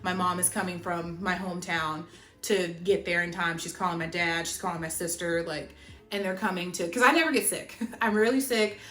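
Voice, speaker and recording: A young woman telling a storytime vlog, animated and chatty, with lots of "like". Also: on the low side, fairly quick. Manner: animated, chatty, heavy use of "like". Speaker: vlogger. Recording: roomy echo, faint music. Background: faint background music.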